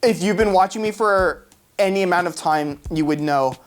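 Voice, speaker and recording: A woman hosting a casual unboxing vlog about manga, excitable and exclamatory, with slangy chat to her viewers. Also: on the low side, moderate pace, slight background noise. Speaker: manga reviewer.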